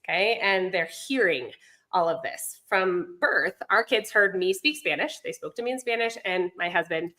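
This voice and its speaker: A woman's voice: medium pitch, lively intonation, moderate pace, sharp tone. A woman guest on a podcast interview, chatty, often digressing with fillers. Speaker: guest, homeschooling mom and language instructor.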